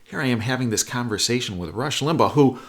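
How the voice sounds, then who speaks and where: A man's voice: mid-range voice, lively intonation, quick pace. A man hosting a show, telling a personal anecdote in an earnest, conversational way. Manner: acts out both sides of a remembered conversation. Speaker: host. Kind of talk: anecdotal storytelling.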